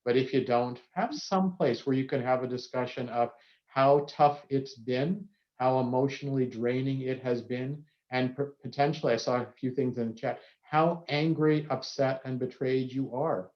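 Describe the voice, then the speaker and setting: A man's voice: medium pitch, normal speed. A male psychiatrist giving candid, reflective remarks on a panel over a video call, with self-deprecating asides. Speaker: psychiatrist guest speaker. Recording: dull lo-fi video call audio.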